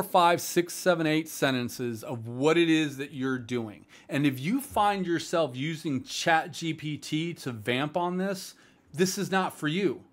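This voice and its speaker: Blunt, rambling man with a lifted voice. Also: fairly high pitch. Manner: blunt and rambling, full of "like", "um" and "bro". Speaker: streaming platform staff host. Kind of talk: casual livestream talk to viewers.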